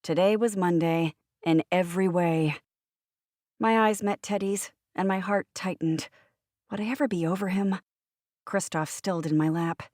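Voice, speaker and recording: A woman giving a wry, brisk first-person audiobook narration. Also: medium pitch, darkish tone, dry recording, clean studio sound.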